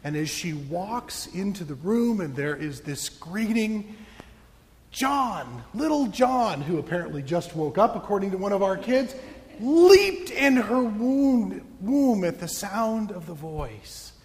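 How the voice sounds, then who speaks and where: A man's voice: sits high, lively intonation, a little slow, long reverb tail. A male pastor preaching a sermon in a church, playful and joking with his congregation.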